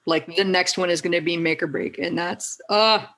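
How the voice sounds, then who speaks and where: A woman's voice: on the low side, fairly even intonation, normal speed, a bit bright. A woman hosting a podcast interview, encouraging and enthusiastic in casual talk. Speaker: podcast host.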